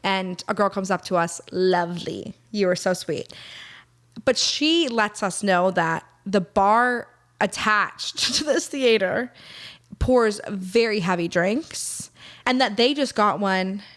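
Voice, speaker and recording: A woman's voice: mid-range voice, slow, a bit bright. A woman co-hosting a podcast, chatting casually and telling candid stories. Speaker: podcast co-host. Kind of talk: casual chat.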